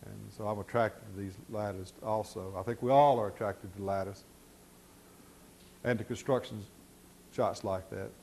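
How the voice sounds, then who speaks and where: A middle-aged man telling folksy stories during an architecture slide lecture, halting with many fillers. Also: lowish voice, steady tone, gravelly, darkish tone, slight background noise. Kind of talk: storytelling lecture.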